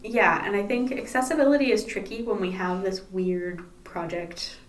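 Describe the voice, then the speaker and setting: A woman's voice: mid-range voice, steady tone, normal speed. Chatty woman, roomy and distant. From Canada. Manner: chatty, laughs often, says um a lot. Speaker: podcast co-host. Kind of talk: casual chat. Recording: roomy sound, mic at a distance.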